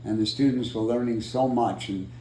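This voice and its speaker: A man telling a long personal story in an oral history interview, acting out the quotes with lively energy. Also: mid-range voice, normal speed, roomy sound, a little hiss or hum, low-quality recording. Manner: animated storyteller, acts out quotes. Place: room in San Diego.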